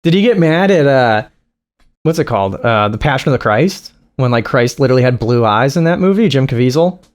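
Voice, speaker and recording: A man's voice: mid-range voice, lively intonation, fairly quick. A man giving casual, crude, mocking reaction commentary with frequent laughing asides.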